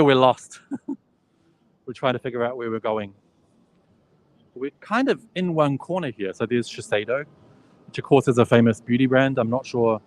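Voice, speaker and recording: A man giving a casual live walking tour of a huge indoor expo hall. He chats, laughs easily and thinks aloud while filming on a handheld phone. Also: mid-range voice. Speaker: vlogger touring an expo.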